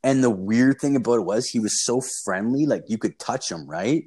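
A man's voice: mid-range voice, moderate pace, warm tone, slightly rough. A young man telling a long story in casual chat, rambling and profane, with lots of fillers.

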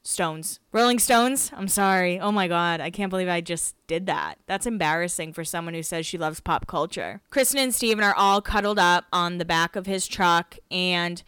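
Woman podcast host, casual recap, chatty, self-mocking, smooth clear voice, dry close sound. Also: lowish voice, normal speed, hardly any pauses, fairly bright tone, no room sound.

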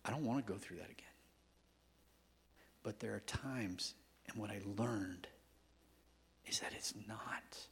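This man, guest-preaching a sermon, relates stories in a conversational manner and alternates between hushed whispers and emphatic shouts. His voice is fairly low and slightly rough.

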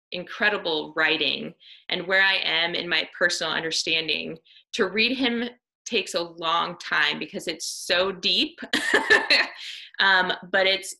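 A woman speaking slowly in a casual devotional talk, earnest and chatty, with plenty of ums and "right?" along the way. Her voice sits on the lower side and has a gravelly, fry-laden edge. The tone is bright and pointed, and she often laughs lightly as she talks. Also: poor audio. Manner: earnest, conversational, frequent ums and tag questions.

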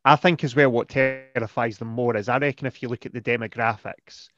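A man's voice: mid-range voice, fairly even intonation, brisk, fairly bright tone, dry recording. A man in his forties talks earnestly in a casual podcast chat, explaining his view. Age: 40s. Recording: slightly dull lo-fi sound.

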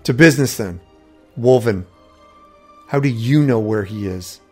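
A cold, no-nonsense adventurer, as a male narrator reads him, clipped and businesslike in a mid-pitched voice. Soft music plays faintly behind the storybook reading. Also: a little slow, slightly rough. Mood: curt. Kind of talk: audiobook character voice.

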